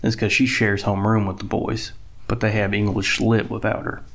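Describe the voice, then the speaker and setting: A man's voice: fairly low pitch, level tone, normal speed, a bit bright. Male podcast co-host, loose, profane, rambling joker. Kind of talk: casual chat.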